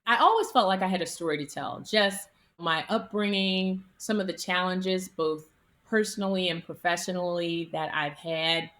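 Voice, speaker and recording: A woman physician being interviewed, telling stories in an animated, conversational way. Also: lowish voice, moderate pace. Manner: animated, acts out quoted people in her stories. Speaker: physician, guest.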